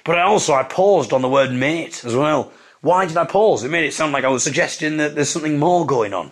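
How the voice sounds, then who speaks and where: A podcast host with a medium-pitched voice talks a little fast through a comic monologue. He tells a rambling, self-deprecating story, slipping into put-on voices along the way.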